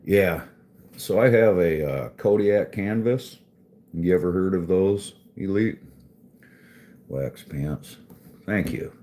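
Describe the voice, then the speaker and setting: A man's voice: low-pitched, slow pace, long pauses, warm tone. A man hosting a casual live stream, joking, swearing and reading chat aloud. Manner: laid-back, profane, joking, reads chat aloud. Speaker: livestream host chatting with viewers.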